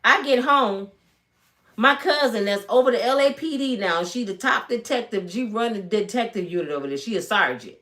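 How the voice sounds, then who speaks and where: On a relaxed storytelling live stream, a fifties-aged woman at home speaks to her viewers in a voice on the high side at normal speed. She's animated, acting out the characters in her tales.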